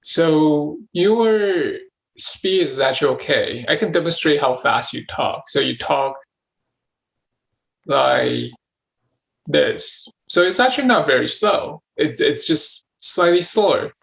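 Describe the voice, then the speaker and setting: Man, hesitant casual talk, repeats himself, gravelly fry, slightly high pitch. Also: big pitch swings, a little slow, fairly bright tone, low-quality recording. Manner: hesitant, repeats himself, many restarts and fillers. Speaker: channeling practice partner asking questions. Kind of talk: casual conversation.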